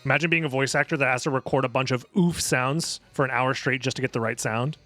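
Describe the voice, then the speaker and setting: A young man casually commentating a live video game tournament in a rambling, jokey, excitable way. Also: medium pitch, fast, no echo, faint music behind.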